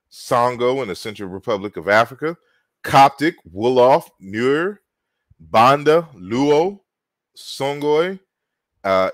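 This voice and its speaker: A man giving an online lecture, slow and halting, spelling out words and often repeating himself. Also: on the low side, a bit bright, no room sound.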